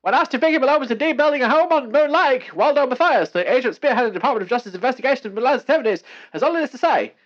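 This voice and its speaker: A woman putting on the voice of a brisk 1930s newsreel announcer, reading in an emphatic announcer cadence. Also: high-pitched, expressive, dull audio, voice pushed up. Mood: announcing. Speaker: streamer. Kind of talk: mock newsreader voice.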